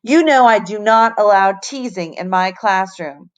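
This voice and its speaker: A woman voicing a stern but kind male schoolteacher in a read-aloud storybook, speaking in a firm, measured way. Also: mid-range voice, lo-fi sound, natural voice. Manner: firm, measured, lectures and scolds.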